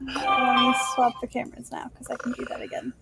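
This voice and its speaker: A woman's voice: sits high, completely flat delivery, brisk, vocal fry, over loud music, low-quality recording. A woman streamer joining a livestream over a video call, talking hesitantly with many fillers. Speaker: streamer and guest. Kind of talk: casual chat on a livestream.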